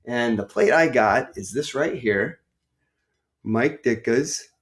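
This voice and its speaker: A middle-aged man from northern Illinois hosting a podcast, telling a story in a chatty, excitable, rambling way. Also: medium pitch, takes it slowly. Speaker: podcast host. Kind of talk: casual storytelling.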